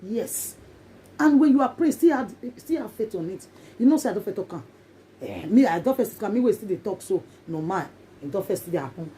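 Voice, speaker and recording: A woman's voice: mid-range voice, animated, brisk, warm tone, a little hiss or hum. A woman with a Nigerian accent talking casually to her viewers in a vlog, emphatic and repeating herself often. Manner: emphatic and repetitive, in Pidgin English. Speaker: vlogger.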